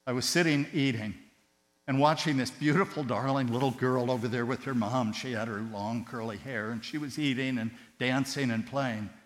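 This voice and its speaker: A man preaching a sermon with passion, his voice surging loud on key words and then dropping to a hush. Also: mid-range voice, steady tone, normal speed. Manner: impassioned, swinging between loud emphatic rises and hushed tender drops. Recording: long hall reverb with mains hum.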